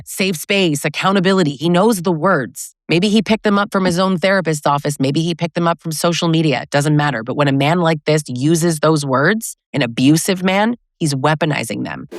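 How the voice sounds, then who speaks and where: A woman's voice: deep voice, no room sound, studio quality. A woman relationship coach giving direct-to-camera advice, emphatic and full of pointed rhetorical questions.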